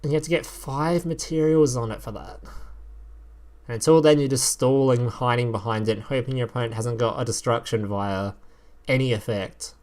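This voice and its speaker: A man's voice: mid-range voice, normal speed, darkish tone. A man streaming casual commentary as he reviews game cards, reading card text aloud, swearing and laughing as he goes.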